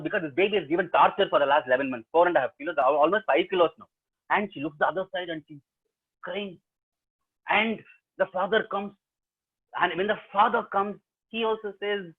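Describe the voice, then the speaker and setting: His voice sits high with a breathy edge, and he talks fairly quickly. This professional storyteller, who has an Indian English accent, tells students a story live over a tinny-sounding video call from his home setup, animatedly quizzing them throughout.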